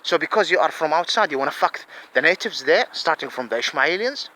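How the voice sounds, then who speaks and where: A man's voice: on the high side, animated, fairly quick, sharp tone, low-quality recording. A man, giving an angry, profane monologue full of repeated, emphatic questions. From Saudi Arabia.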